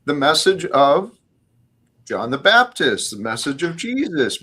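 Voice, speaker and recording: A man's voice: on the high side, big pitch swings, unhurried, bright, forceful tone, poor audio. A man hosting a casual live stream panel. He talks in an earnest, preachy way about faith. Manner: earnest, preachy spiritual talk. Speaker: stream host.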